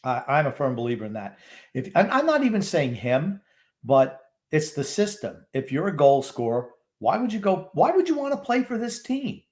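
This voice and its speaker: An older man with a New York accent co-hosting a live hockey podcast, giving blunt, gruff opinions about the team. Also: fairly high pitch, wildly swooping pitch, normal speed. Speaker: podcast co-host. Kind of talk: live game watchalong chat.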